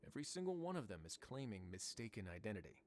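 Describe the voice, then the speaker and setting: A calm, dry prison warden. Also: male voice, fairly low pitch, quick pace. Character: calm, authoritative adult male warden.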